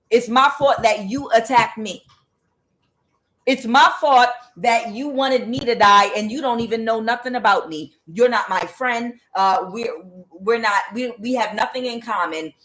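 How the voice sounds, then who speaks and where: A woman giving a tarot reading as an angry, profane rant, mocking the people she blames and filling pauses with "uh". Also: a little high, a bit bright. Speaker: tarot reader. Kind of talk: ranting tarot reading monologue.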